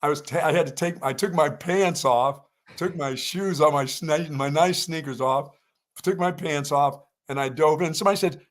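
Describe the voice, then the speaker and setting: A man's voice: fairly high pitch, moderate pace. An older man from North Carolina co-hosting a sports show, telling a long story in casual chat and raising his voice for the quoted lines.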